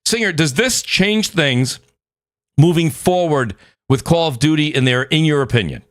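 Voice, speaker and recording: A man with a New York accent hosting a gaming podcast, hyping up guests with shout-outs and talking in loose, filler-heavy bursts. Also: fairly high pitch, animated, moderate pace, dry recording, studio quality. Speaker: podcast host. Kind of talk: casual panel chat.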